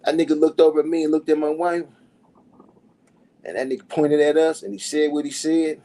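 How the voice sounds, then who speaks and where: A middle-aged man, a podcast guest, telling stories in a loud, profane, animated way and acting out the people he quotes. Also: fairly high pitch, a little fast, low-quality recording. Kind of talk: casual storytelling.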